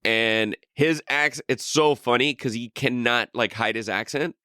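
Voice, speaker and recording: A man's voice: medium pitch, measured pace, sharp tone, no room sound, clean studio sound. A man co-hosting a podcast, chatting casually in a rambling, profane way with lots of restarts. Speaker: podcast co-host. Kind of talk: casual chat.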